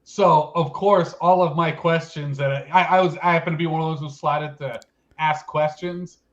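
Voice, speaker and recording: A man's voice: fairly high pitch, fairly even intonation, moderate pace, fairly bright tone. Chatty man on a dull lo-fi mic. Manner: chatty, storytelling, self-mocking. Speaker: co-host. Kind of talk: casual chat.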